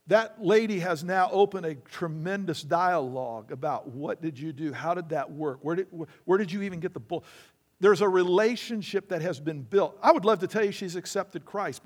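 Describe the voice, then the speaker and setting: A male pastor preaching a sermon, telling stories and acting out the people in them. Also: sits high. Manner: storytelling preacher acting out quoted voices.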